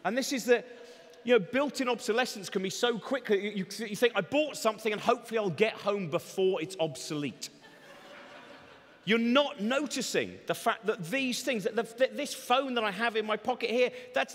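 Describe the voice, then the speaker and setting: A man's voice: very high voice, fairly quick, fairly bright tone. A man doing a comedy talk on stage, rambling energetically with sardonic asides. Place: large event hall. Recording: long reverb of a large hall.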